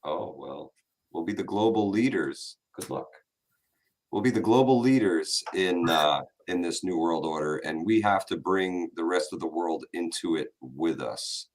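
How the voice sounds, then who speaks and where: A male podcast host in casual discussion, unhurried and quick to laugh. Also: low-pitched.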